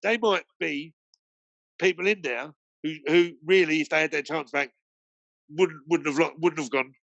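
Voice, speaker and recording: A British man, a guest DJ, spins long anecdotes with plenty of hesitations and restarts. His voice sits a little high for a man, and the sound is dry and close. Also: normal speed, vocal fry, a bit bright, dry recording, highs cut off. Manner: rambling, full of fillers and restarts. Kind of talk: anecdotal storytelling in a conversation.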